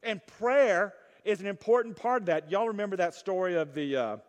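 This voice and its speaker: A fervent male pastor with a fairly high voice preaches in a church hall, his words trailing off in a long echo. He drives toward loud, urgent peaks, then drops to quiet asides and puts questions to the congregation. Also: moderate pace. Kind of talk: sermon.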